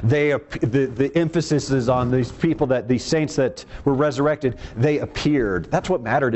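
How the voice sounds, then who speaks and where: A man's voice: medium pitch, darkish tone, slight background noise. A man preaching a teaching sermon in a conversational way, acting out the quoted lines in voices of their own.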